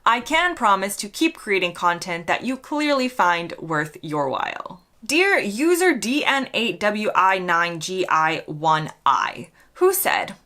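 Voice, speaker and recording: An American woman with a croaky voice, reading out comments and answering them with dry, mock-sincere sarcasm. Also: medium pitch, expressive, takes it slowly, hardly any pauses, pushed and bright. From United States. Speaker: vlogger.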